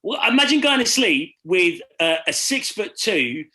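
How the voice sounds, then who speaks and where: A man's voice: high-pitched, sing-song, a little slow, bright, forceful tone. A man hosting a podcast over a video call, telling rambling stories in casual chat, swearing and acting out other people's voices. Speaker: podcast host.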